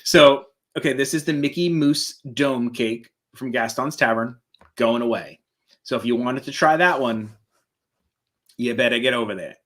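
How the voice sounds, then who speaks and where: A man's voice: medium pitch, moderate pace, fairly bright tone. A man who is a parent, co-hosting a casual live talk show, playful and jokey as he describes food items. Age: adult parent. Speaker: co-host of a Disney talk show. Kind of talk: casual live-stream chat.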